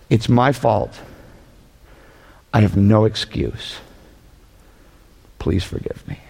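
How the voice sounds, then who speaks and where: A male pastor preaching a sermon, animated and emphatic, sometimes shouting and mimicking mocking voices. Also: mid-range voice. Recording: long hall reverb.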